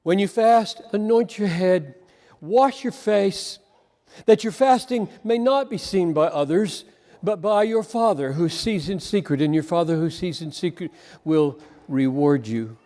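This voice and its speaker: Man, preacher, high-pitched, impassioned sermon, emphatic, reverberant hall. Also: unhurried. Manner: impassioned, emphatic, shifting between loud and quiet.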